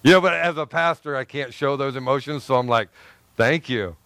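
A man, a pastor, giving an animated, conversational sermon with repeated phrases and acted-out asides. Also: mid-range voice, fast talker, smooth, no room sound.

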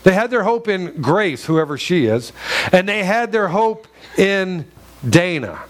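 A man's voice: sits high, sing-song, unhurried. A man preaching a sermon in a church, earnest and emphatic, with many rhetorical questions and repeated phrases. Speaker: pastor.

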